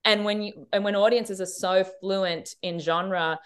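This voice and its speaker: An Australian woman, a TV director, chatting in a casual podcast interview and telling animated stories full of quick asides. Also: mid-range voice, clean tone. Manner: animated storytelling with quick asides and frequent laughs. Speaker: TV director, guest.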